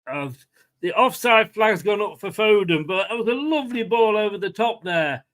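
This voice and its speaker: Male fan host, rambling play-by-play mixed with chat to viewers, voice pitched a touch high. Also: lively intonation, moderate pace, a bit bright. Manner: chatty, rambling, answers viewers' comments by name. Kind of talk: casual live match watchalong commentary.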